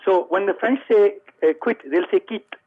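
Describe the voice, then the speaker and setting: Phone-in guest: man, slightly higher voice, anecdotal, tinny phone line. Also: normal speed. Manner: anecdotal, repeats words when starting. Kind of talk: casual storytelling chat.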